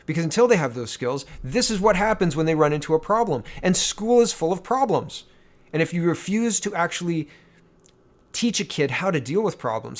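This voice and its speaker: A man in his thirties from Canada, hosting a casual solo political commentary with a blunt, exasperated and sarcastic manner. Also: on the high side.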